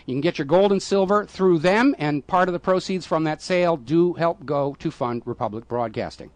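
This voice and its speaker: Sarcastic talk radio host, high voice. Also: male voice, dry recording. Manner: sarcastic, mocking; stumbles over words, with fillers. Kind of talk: solo talk radio monologue.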